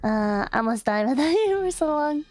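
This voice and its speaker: A young woman streaming a casual chat, hoarse and raspy from losing her voice, talking in a bubbly, rambling way. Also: high voice, animated, moderate pace, darkish tone, soft background music. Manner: bubbly, chatty, rambling with frequent laughs. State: hoarse, voice partly gone. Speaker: VTuber streamer.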